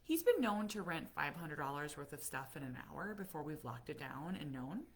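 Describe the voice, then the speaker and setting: A middle-aged American woman telling stories in a casual live chat, animated and acting out what people said. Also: low voice, normal speed, husky. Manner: storytelling, animated, acts out quotes. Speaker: vlogger, autism parent.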